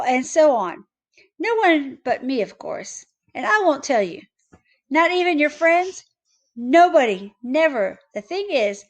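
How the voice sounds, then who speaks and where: Woman reading as a testy number devil. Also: high-pitched. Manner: boastful, lecturing, quick to shout. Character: temperamental mustached male number devil with walking stick.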